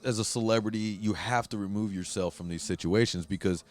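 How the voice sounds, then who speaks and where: A man hosting a casual podcast chat, telling a story in a profane, animated way and acting out quotes. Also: lowish voice, brisk. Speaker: host. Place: Huntington Beach, California.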